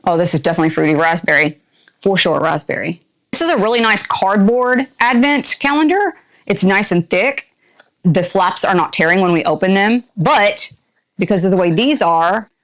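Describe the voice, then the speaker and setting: A woman's voice: on the low side, gravelly. A woman reviewing products on her channel, chatting to viewers in a playful, put-on rural drawl as she unboxes. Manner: talks to viewers while opening items.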